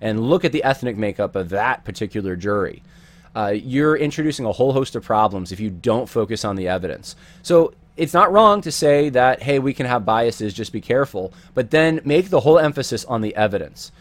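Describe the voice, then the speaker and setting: A man's voice: mid-range voice, expressive, a little fast. A man giving casual video commentary to his audience, earnest and thinking aloud with repeated words.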